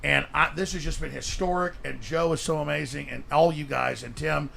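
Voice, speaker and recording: A man's voice: a little high, fairly even intonation, a little fast, creaky, bright, forceful tone, a little hiss or hum. A man, a guest in a casual chat, telling boisterous stories and cutting in. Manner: boisterous, interjecting storyteller.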